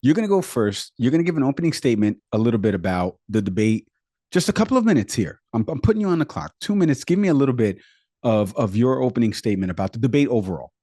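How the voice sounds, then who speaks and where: A man's voice: medium pitch, lively intonation, fast, warm tone, no echo, studio quality. A man co-hosting a podcast, chatting casually and emphatically about politics. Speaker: podcast co-host.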